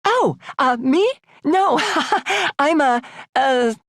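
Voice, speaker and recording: A woman voicing her own flustered seventeen-year-old self, stammering and panicky in a high voice. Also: normal speed, dry recording, clean studio sound. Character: flustered nervous teenage girl, her younger self.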